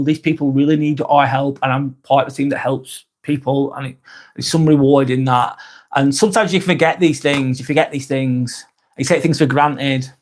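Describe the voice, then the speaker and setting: A man hosting a live vlog, talking frankly and earnestly, swearing often and restarting his sentences. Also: fairly high pitch. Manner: earnest and sympathetic. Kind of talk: casual live-stream chat.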